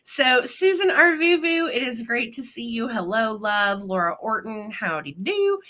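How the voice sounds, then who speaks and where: A woman's voice: on the high side, big pitch swings, a little slow, sharp tone. A woman from Missouri hosting a live vintage sale stream, chatting and greeting viewers by name, her voice a little choked up with a slight cough. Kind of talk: casual live-stream chat.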